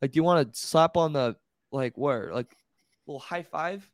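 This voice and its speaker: A man's voice: moderate pace, no room sound, clean studio sound. A man co-hosting a sports podcast, talking animatedly and incredulously. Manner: animated, incredulous, jumps up in pitch. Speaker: podcast host. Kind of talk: casual sports talk.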